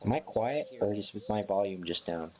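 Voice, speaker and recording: A man's voice: lowish voice, lively intonation, moderate pace, mellow. A young man chatting casually with his stream viewers, sleepy and yawning, giggling between lines. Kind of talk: casual live-stream chat.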